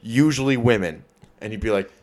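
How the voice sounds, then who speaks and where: A man with a New York accent tells rowdy stories from his college bar days in a loose, profane podcast chat. His voice sits fairly low, and he slips into the voices of shouting drunks and bartenders. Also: fairly quick. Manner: profane, animated storyteller, acts out rowdy drunks. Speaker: podcast co-host. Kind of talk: casual storytelling chat.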